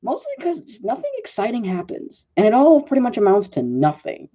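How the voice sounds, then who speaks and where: A man's voice: very high voice, wildly swooping pitch, brisk, dark tone, breathy edge. A man giving a casual movie review, rambling with lots of "like" and fillers and often correcting himself, on a dull lo-fi recording. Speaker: film reviewer.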